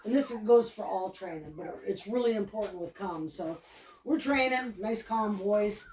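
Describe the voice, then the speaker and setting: A woman's voice: medium pitch, expressive, normal speed, a little mellow. Woman dog trainer talking casually at home, a bit far from the mic, roomy echo, some faint noise. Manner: chatty, loose and repeats cues with praise. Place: indoors at home with her dog. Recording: echoey room, mic at a distance.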